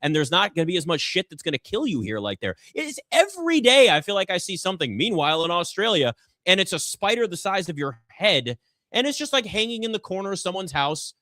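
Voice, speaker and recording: A man's voice: high voice, big pitch swings, a little fast, bright, forceful tone, dry recording. Rambling man chatting on a garage sports set. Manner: chatty, rambling, self-deprecating. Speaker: draft show host. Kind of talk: casual live sports chat.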